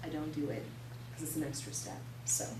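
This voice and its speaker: A woman in her thirties leads a live cooking class, telling lively stories and laughing along. Her voice sits a little low, and it is picked up from a distance in a reverberant room with faint noise behind. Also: brisk. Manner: chatty, animated storytelling with laughter. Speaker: class instructor.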